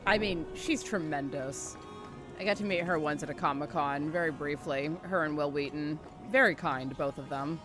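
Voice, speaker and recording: A woman's voice: sits low, normal speed, music in the background. A woman streamer chatting casually while playing a video game. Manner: chatty, relaxed, reminiscing. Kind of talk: casual gameplay commentary.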